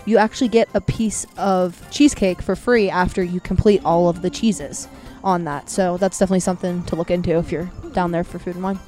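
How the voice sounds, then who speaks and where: A woman co-hosting a casual podcast, chatting and reading food and drink items slowly and carefully, recorded outdoors. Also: on the low side, steady tone, mellow, soft background music. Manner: chatty, reads item names slowly and carefully. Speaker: podcast co-host. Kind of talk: casual chat reading a menu. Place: outdoors at home.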